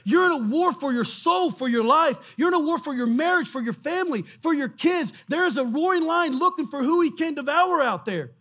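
A man preaching a sermon in a church, impassioned and often shouting, acting out the voices of doubters. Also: very high voice, expressive, a little fast, few pauses. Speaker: pastor.

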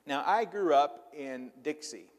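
A middle-aged man with a soft Southern accent delivers a sermon in an easygoing, conversational style, dotting it with "uh"s. His voice is somewhat high for a man. It echoes with the long reverb of a church sanctuary. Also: lively intonation, a little slow. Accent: slight Southern US. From southern Illinois. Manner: folksy, conversational, with frequent filler words. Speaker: pastor.

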